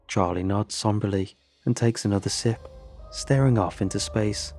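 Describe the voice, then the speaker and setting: A man's voice: on the low side, fairly even intonation, normal speed, a little mellow, husky, soft background music. A man narrating a first-person horror story in an earnest, tense way.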